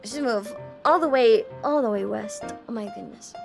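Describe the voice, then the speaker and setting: A woman's voice: a little high, normal speed, gravelly, soft background music. A woman hosting a casual livestream chat, telling bubbly stories and often giggling. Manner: refers to herself in third person. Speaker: livestream host.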